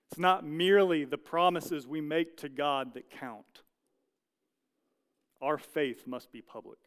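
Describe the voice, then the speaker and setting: A man preaching a sermon, telling a story with earnest, measured delivery and dramatic pauses. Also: on the high side, smooth. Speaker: pastor.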